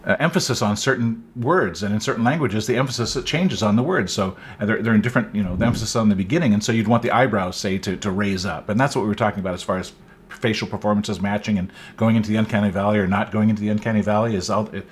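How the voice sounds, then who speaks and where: A man's voice: fairly low pitch, quick pace. A man co-hosting a tech podcast, explaining at length with many restarts. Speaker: podcast co-host. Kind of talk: casual tech podcast chat.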